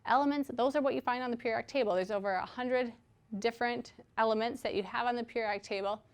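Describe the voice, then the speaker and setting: A fast-talking woman with a fairly high, clean voice teaches chemistry in a recorded lecture. Her style is patient and conversational, leaning on everyday examples and frequent "okay?" check-ins.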